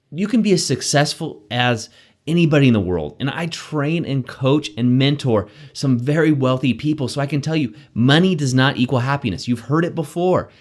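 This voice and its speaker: Male life-coach host, energetic and chatty, animated intonation, motivational delivery. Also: medium pitch. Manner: energetic, conversational, frequent "right?" asides. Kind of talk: motivational self-help talk.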